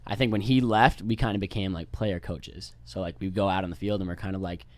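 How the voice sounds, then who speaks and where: Young male podcast guest from New York, quick, low-pitched, rambling storyteller in a dry room. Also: fairly even intonation, darkish tone, no room sound. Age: young adult. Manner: rambling, laid-back, swears freely and mimics others. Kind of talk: casual storytelling chat.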